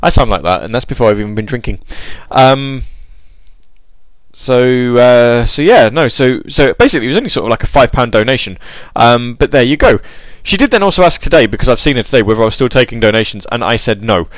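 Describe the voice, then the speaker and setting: A man's voice: mid-range voice, animated, fairly quick, dry recording. A man hosting a casual live show, rambling with many ums and stopping to correct himself. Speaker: show host.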